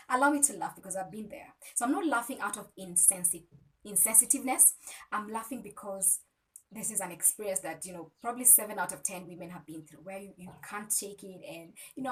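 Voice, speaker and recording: A woman's voice: medium pitch, fairly quick, a bit bright. A woman vlogger giving an emphatic, preachy motivational talk straight to her viewers. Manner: emphatic, preachy, direct address. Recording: voice distant from the mic.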